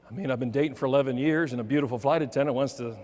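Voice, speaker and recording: A man giving a motivational keynote talk, telling a personal story with humor and dropping softer for quoted lines. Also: mid-range voice, racing, slight background noise. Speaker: motivational speaker. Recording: long hall reverb.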